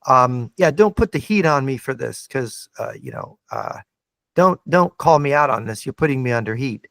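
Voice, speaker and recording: Man, podcast guest, lecturing debate manner, sharp bright tone, dry close sound. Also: mid-range voice, sing-song, normal speed, gravelly, dry recording. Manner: lecturing, with many repeated "right?" checks. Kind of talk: debate-style conversation.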